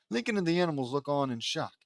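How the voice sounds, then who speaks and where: A man's voice: on the high side, vocal fry, no echo, studio quality. A man reading his own fan fiction aloud in a casual way, stumbling into restarts and amused asides. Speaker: audiobook reader and author.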